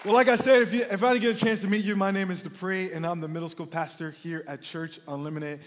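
A young man from Texas preaching a lively sermon as a middle school pastor, energetic and calling out to the congregation. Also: sits high, fast, a faint crowd, a little hiss or hum. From San Antonio, Texas. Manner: energetic, hype, calls out to the congregation. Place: large church hall. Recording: live church hall with long reverb.

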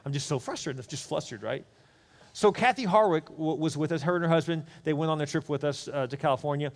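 Telling a story in a sermon, a male pastor talks fast from the pulpit in a voice a little high for a man. His delivery is candid and chatty, with quick asides to the congregation, all echoing through the long reverb of a church hall.

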